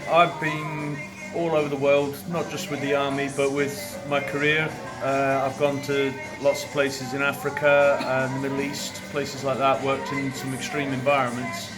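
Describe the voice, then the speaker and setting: A man who served in the army, giving a steady, sincere account of the trip. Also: mid-range voice, normal speed, over music, rough recording. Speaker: army veteran on the expedition. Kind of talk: reflective personal account.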